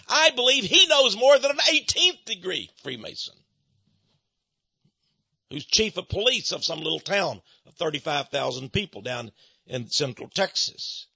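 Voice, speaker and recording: A man's voice: very high voice, sharp tone, dry recording. A man from the United States telling a story in a sermon, animatedly acting out both sides of conversations. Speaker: Christian speaker on Freemasonry. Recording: dull muffled lo-fi recording.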